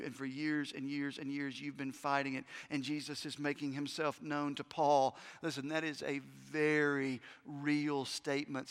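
A man preaching a sermon as pastor, emphatic, swinging between urgent loud stretches and hushed, intense ones, with conversational asides to the congregation. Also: fairly high pitch, clear, resonant tone. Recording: long hall reverb.

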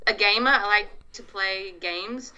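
Bright-voiced Australian actress, chatty. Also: female voice, medium pitch, unhurried, highs cut off. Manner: chatty, self-deprecating, laughs often. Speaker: actress, podcast guest. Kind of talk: casual interview chat.

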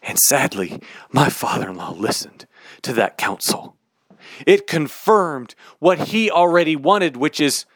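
A man preaching a sermon in an emphatic, candid, animated way. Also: fairly high pitch, measured pace, no echo, clean studio sound.

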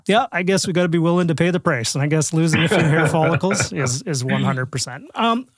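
A man's voice: fairly high pitch, fast. A middle-aged Canadian man, a podcast guest, telling a personal story in a chatty way, repeating words and restarting often. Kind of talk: storytelling in a casual interview.

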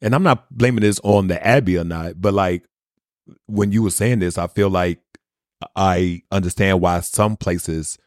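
A man co-hosting a podcast, chatting casually in relaxed slang and chiming in with short reactions. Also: deep voice, measured pace, dry recording, clean studio sound. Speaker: podcast co-host. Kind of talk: casual chat.

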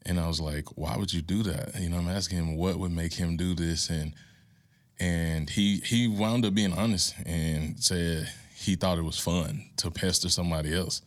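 A man guest on a podcast giving candid parenting advice, earnest, building toward impassioned preaching. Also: sits low.

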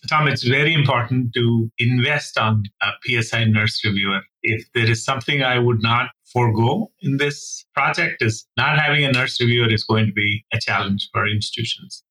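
A man speaks as a physician leader in a podcast interview, earnest and emphatic. His voice is bright and forceful at a middle pitch. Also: low-quality recording. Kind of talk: professional interview answers.

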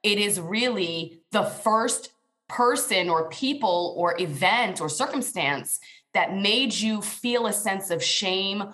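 A woman's voice: mid-range voice, takes it slowly, fairly bright tone. Earnest woman sharing a personal story. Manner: earnest, emotional, direct to listeners. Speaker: guest.

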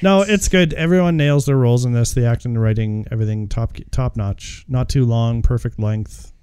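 Male podcast co-host, mellow dry voice, casual and enthusiastic. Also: medium pitch, moderate pace, clear, resonant tone, dry recording. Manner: enthusiastic, swears casually, many fillers. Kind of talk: casual movie-review chat.

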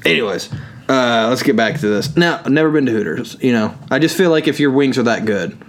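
A tired man co-hosts a podcast, reading listener comments in a casual chat, joking, rambling, and laughing often. His medium-pitched voice is animated and a little fast, with a bit of hiss or hum in the audio.

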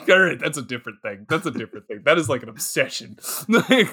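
A man's voice: a little high, big pitch swings, a little fast, bright, forceful tone, slightly rough. A man co-hosting a podcast in casual chat, laughing often and acting out silly voices. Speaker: podcast co-host.

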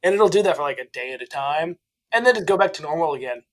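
A man's voice: on the high side, expressive. Wry man joking through a podcast chat. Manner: wry quips between quick explanations. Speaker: podcast co-host. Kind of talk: casual chat.

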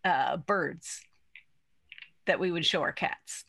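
A woman's voice: lowish voice, slow, creaky, fairly bright tone, slight background noise. A woman co-hosting a podcast in casual chat, laughing easily as she talks. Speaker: podcast co-host.

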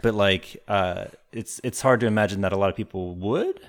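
Low-voiced man co-hosting a film podcast. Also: normal speed. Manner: rambling, thinks aloud with many fillers. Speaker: podcast co-host. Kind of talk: casual movie review chat.

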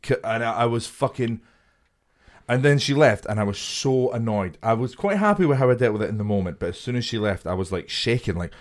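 Animated, swearing male storyteller. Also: medium pitch, brisk. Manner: animated, swears heavily, acts out quotes. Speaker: comedian and podcast co-host. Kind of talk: casual chat, storytelling.

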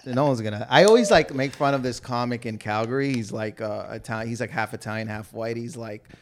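A stand-up comedian chatting casually, telling funny stories and acting out the people in them. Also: male voice, medium pitch, a little fast. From Lebanese family background. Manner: animated storyteller, acts out quoted voices. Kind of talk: casual storytelling chat.

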